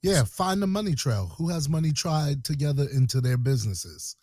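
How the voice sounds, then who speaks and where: Slangy man, fairly high, dry. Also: lively intonation, normal speed, a little mellow, no echo. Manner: matter-of-fact, slangy. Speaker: podcast co-host. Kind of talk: casual podcast discussion.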